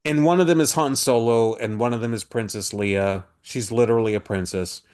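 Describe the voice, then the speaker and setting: A man's voice: medium pitch, brisk, darkish tone, smooth. A man co-hosting a casual comic book podcast, making playful, ironic asides. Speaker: podcast co-host.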